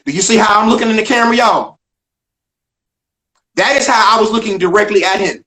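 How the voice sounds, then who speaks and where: An older stand-up comedian, guesting in a video interview, tells a story emphatically and acts out the dialogue. His voice is brisk and sharp-toned with long pauses and wide pitch swings, and the room is echoey.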